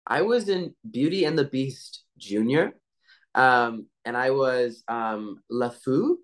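A man's voice: medium pitch, lively intonation, slow pace. Young male guest, easygoing, filler-heavy chat, mid-range voice. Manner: laid-back, filler-heavy storytelling. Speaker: voice actor guest. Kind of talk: casual interview chat.

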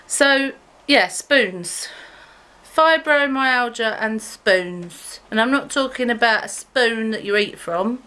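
A woman's voice: lively intonation, takes it slowly, pushed and bright, faint music behind. A woman vlogging while walking her dog outdoors, talking to her phone camera in a chatty, rambling way. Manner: chatty, rambling, talks to her dog in a high sing-song voice. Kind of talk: casual chat to camera.

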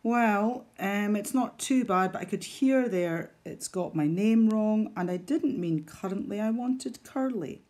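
A woman's voice: mid-range voice, unhurried, few pauses, a little mellow. A woman, a teacher walking learners through a device step by step with patient guidance. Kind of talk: instructional screen demonstration.

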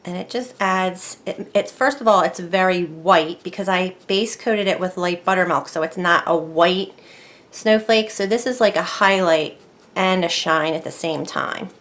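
A woman's voice: on the low side, a little slow, a bit bright. A woman teaching decorative painting in a casual tutorial, chatting and thinking aloud as she works at a close mic.

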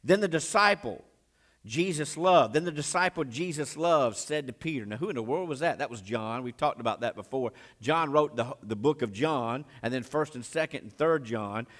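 A male pastor preaching a sermon in a voice of ordinary pitch. He retells a scripture story with strong swings, climbing high and loud, then dropping soft and low. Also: moderate pace. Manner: expressive preaching, voice rising and dropping sharply while retelling scripture; married.

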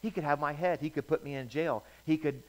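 A nervous male servant at an ancient wedding feast, fretting aloud in a string of panicked questions, acted out by a man in the middle of a sermon. His voice jumps well above its usual pitch when he worries. He sounds afraid of his master's temper. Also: lightly acted, low-quality recording. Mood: alarmed. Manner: panicked rapid questioning, voice jumping high.

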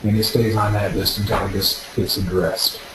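A man's voice: on the low side, level tone, moderate pace, reverberant, background noise. A man giving practical, explanatory advice as the presenter of an instructional webinar.

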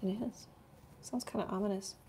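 A middle-aged woman with a gravelly, mellow voice hosts a relaxed live painting session. She talks casually while she works, thinking aloud and often leaving a sentence unfinished before starting another. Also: medium pitch, moderate pace. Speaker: art teacher and channel host. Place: home art studio, indoors.

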